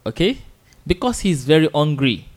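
Patient radio Arabic teacher. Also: male voice, on the high side, very animated. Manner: patient, repeats words slowly for drilling, chuckles often. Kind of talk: live radio language lesson.

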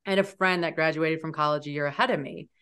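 A woman in her forties speaks as a podcast guest with a fairly low voice. She tells her stories in an animated, lively way. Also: fast talker, smooth. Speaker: interview guest. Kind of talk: storytelling in an interview.

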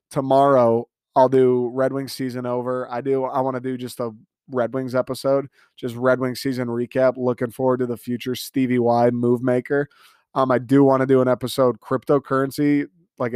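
A twenty-something podcast host with the hiccups rambles through his casual solo show, sarcastic and quick to mock himself. His mid-range voice is clear and resonant with a darkish tone. The recording is dry and studio quality.

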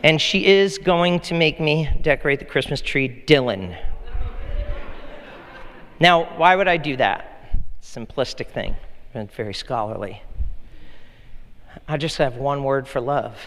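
A man's voice: mid-range voice, measured pace, long pauses, a bit bright. A male pastor preaching a sermon in a conversational, playful way, often repeating words for emphasis. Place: large church hall. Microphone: handheld mic. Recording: long hall reverb.

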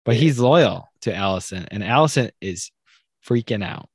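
A man in casual chat, excitedly retelling scenes from a fantasy series and rambling with frequent asides. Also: fairly low pitch, moderate pace, no room sound. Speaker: podcast co-host. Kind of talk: casual show recap chat.

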